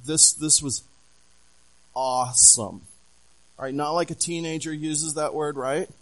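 A man's voice: fairly high pitch, fairly even intonation, a little slow, a bit bright, rough recording. A man pastor preaching a sermon, telling a story with animation and asking the congregation questions.

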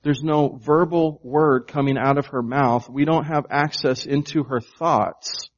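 A man's voice: fairly high pitch, steady tone, unhurried, muffled recording. A man preaching a sermon, emphatic and shifting his volume to stress words, often asking his congregation questions. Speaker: pastor.

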